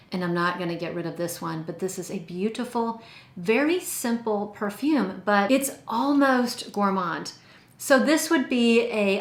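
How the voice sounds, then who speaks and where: A chatty, enthusiastic woman talks through her perfume collection and draws out her descriptive words. Her voice sits at a middle pitch. It has a roomy echo around it. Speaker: perfume reviewer. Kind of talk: casual product review.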